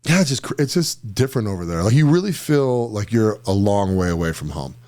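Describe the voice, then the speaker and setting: A man telling stories as a guest on a podcast, talking fast and quickly acting out what other people said. His voice swings up and down a lot, and he laughs his way through his sentences. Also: on the low side. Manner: animated storyteller who acts out other people's lines; laughs often mid-sentence. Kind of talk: casual storytelling chat.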